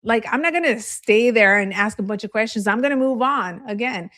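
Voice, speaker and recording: Chatty woman sales trainer, higher voice. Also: animated, brisk, fairly bright tone. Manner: candid storytelling, chatty, laughs easily. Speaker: real estate agent and sales trainer. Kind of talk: live training session.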